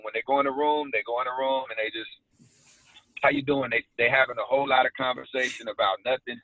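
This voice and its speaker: In a casual interview, a South Side Chicago actor tells animated, slang-filled stories. His voice is medium-pitched, and the thin, phone-like recording is dry with no room sound.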